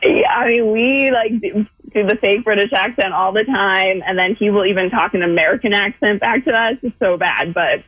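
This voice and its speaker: A woman chats casually and sounds flustered, laughing along as she talks. Her voice has a husky, slightly breathy edge. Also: mid-range voice, moderate pace, no room sound, dull audio. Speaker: guest, boss. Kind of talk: casual chat.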